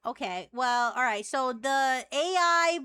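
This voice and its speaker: A woman's voice: high-pitched, lively intonation, slow, sharp tone, clean tone. A woman streamer teasing and chatting playfully with an AI voice on a live stream. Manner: playful, teasing, flirty questions.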